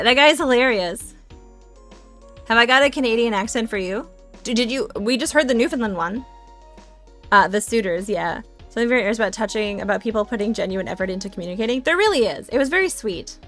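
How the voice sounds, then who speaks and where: A woman's voice: mid-range voice, pushed and bright. A young woman from Louisiana, chatting casually with her live-stream chat, full of fillers, restarts and giggles.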